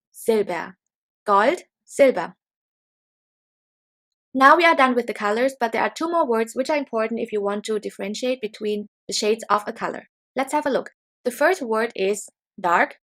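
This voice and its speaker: Slow, higher-pitched woman teaching vocabulary. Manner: says each German word twice, slowly and clearly. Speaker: language teacher. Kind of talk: slow repeat-after-me vocabulary drill.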